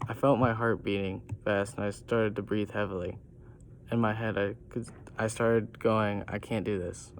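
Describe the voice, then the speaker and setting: A man's voice: lowish voice, a little hiss or hum. A man reading a goofy, self-mocking comic story aloud.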